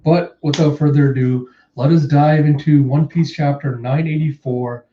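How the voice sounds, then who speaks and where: A man's voice: fairly high pitch, fairly even intonation, moderate pace, slight background noise. A young man casually reacting to and reviewing a comic chapter, chatty, laughing, and acting out the characters as he reads. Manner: chatty, laughing, acts out voices. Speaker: manga reviewer. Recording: echoey room, dull lo-fi.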